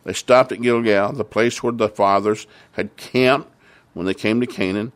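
A man's voice: lowish voice, fairly even intonation, moderate pace. Earnest male preacher retelling scripture. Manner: earnest, repetitive emphasis, rising to fervent. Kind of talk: sermon retelling a Bible story.

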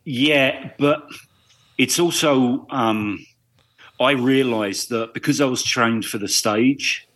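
A man's voice: mid-range voice, slow pace, a bit bright. A middle-aged English man, a guest actor, chatting casually on a podcast in a wry, self-deprecating way.

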